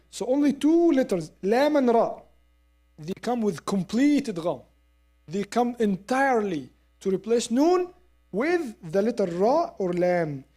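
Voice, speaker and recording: A woman teaching Quran recitation in a lesson, explaining step by step and modelling the sounds slowly with repeats. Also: fairly high pitch, warm tone. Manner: explains step by step, asks listeners to agree. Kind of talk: classroom lesson.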